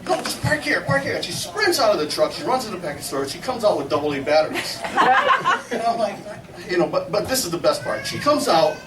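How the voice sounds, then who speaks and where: A man's voice: on the high side, fast. A middle-aged man telling folksy, laughing stories at a memorial service, acting out what others said. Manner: folksy, laughing, quotes people in lively voices. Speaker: memorial speaker. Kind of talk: informal storytelling eulogy. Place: memorial gathering hall. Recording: echoey room, far from the mic, noisy.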